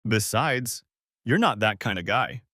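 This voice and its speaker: A man's voice: on the low side, expressive, unhurried, pushed and bright, dry recording, studio quality, full character voice. A man voicing a friendly, chatty young neighbor woman in a storybook reading.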